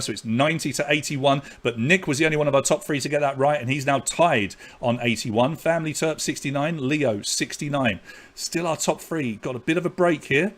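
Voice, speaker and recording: A man with an English accent and a medium-pitched, slightly bright voice hosts a live online pub quiz. He reads out the questions and scores, adding chatty, jokey asides.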